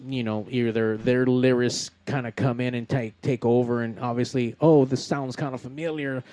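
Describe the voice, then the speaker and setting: A man's voice: mid-range voice, steady tone, normal speed, warm tone, no echo. A man hosting a podcast in a studio, chatting casually, swearing freely and trailing off into fillers. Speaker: podcast host. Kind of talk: casual chat.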